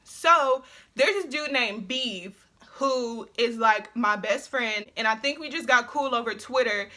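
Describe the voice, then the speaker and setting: A young woman telling an animated, slang-heavy casual storytime, full of fillers and swearing. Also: a little high, unhurried. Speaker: vlogger.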